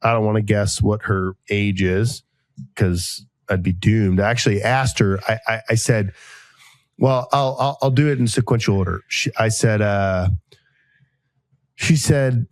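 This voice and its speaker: Animated storytelling man, dry sound. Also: normal speed, no echo. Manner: animated storyteller, acts out quoted voices with jumps in pitch. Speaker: podcast host. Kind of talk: casual storytelling chat.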